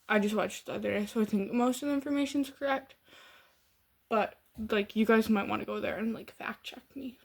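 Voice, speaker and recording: A woman with a Midwestern American accent talks casually to her camera as a vlogger. Her voice sits a little high. She rambles, restarts her sentences and fills them with "like.". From Michigan. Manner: rambling, heavy use of "like" and restarts.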